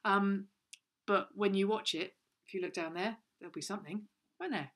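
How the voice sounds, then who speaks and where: At home, a woman co-hosting a children's show tells a silly, rambling story full of playful voices and frequent restarts. Her voice is medium-pitched and a bit bright, at a normal speed.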